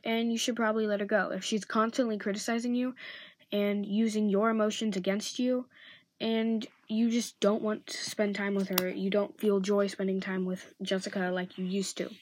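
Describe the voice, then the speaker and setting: A woman's voice: medium pitch, poor audio. A woman hosting a show, talking through friendship advice in an earnest, casual way with frequent restarts. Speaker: host giving friendship advice.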